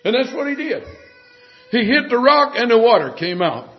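A male preacher delivering an emphatic sermon, often dropping to hushed tones. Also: extremely high pitch, big pitch swings, moderate pace, faint music behind. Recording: dull lo-fi sermon recording.

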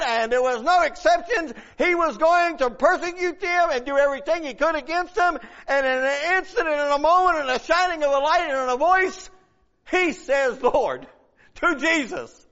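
A man's voice: very high-pitched, bright, forceful tone. A man preaching a fervent sermon, reading scripture aloud and pleading in prayer. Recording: dull lo-fi recording.

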